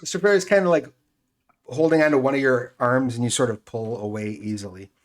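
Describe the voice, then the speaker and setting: A man's voice: medium pitch, brisk. Game master, male, easygoing, laughs a lot while narrating a tabletop session. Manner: laughs often, many fillers.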